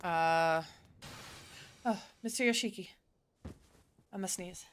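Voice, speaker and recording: A woman's voice: fairly low pitch, slow pace. A woman streaming a visual novel, reading its lines aloud and chatting between them. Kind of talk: casual game stream, reading dialogue with character voices.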